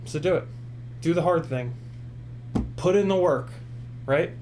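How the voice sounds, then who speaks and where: A man's voice: fairly high pitch, unhurried, a little mellow, slight background noise. A man hosting a casual live stream, reading viewer comments and answering them in an earnest, encouraging way with many fillers.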